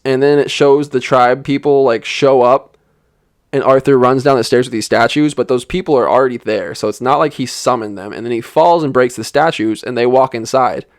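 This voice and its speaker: A young man giving a sarcastic, rambling comedic movie review, with lots of "like" fillers. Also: medium pitch. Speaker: film reviewer. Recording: dry voice-over.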